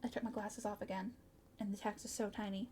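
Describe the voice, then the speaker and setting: A woman's voice: mid-range voice, little pitch movement, fairly quick, warm tone, a little hiss or hum. A woman streamer chatting casually with her live chat, bubbly, often gasping and giggling and tripping over her words.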